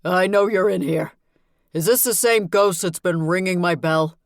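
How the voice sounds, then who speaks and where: Woman playing a guilt-ridden older man in an audiobook: shaky, pleading, a touch raised in pitch, dry close sound. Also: moderate pace, vocal fry, no room sound. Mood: fearful.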